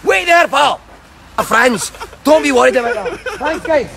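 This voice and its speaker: A man voicing a rowdy, hot-tempered Scotsman with a Scottish accent, shouting, swearing and laughing in a shop. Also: very high voice, animated, normal speed, creaky, voice pushed down, heavily acted. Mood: rousing. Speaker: comedy vlogger. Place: shop aisles. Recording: loud shop background noise.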